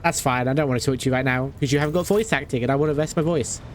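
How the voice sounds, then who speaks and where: A man's voice: medium pitch, very fast, slight background noise. A man streaming a game, chatting casually, ranting and laughing often. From Britain. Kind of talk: casual chat while playing.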